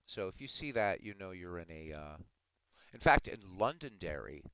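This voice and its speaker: Deep-voiced man arguing with chat. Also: very animated, moderate pace, fairly bright tone, clean tone, no echo, rough recording. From Ireland. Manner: argumentative, talking back to chat. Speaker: live streamer reading chat. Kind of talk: casual livestream chat.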